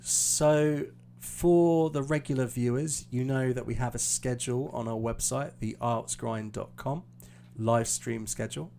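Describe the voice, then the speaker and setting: Casting: British male English tutor, unhurried, low warm voice, on a live stream. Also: slight background noise. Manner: explaining patiently, hesitant fillers. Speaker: IELTS teacher.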